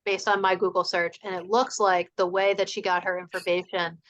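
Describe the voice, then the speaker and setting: Woman teacher, clear storybook read-aloud, bright and forceful tone. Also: fairly low pitch, flat delivery, brisk, poor audio.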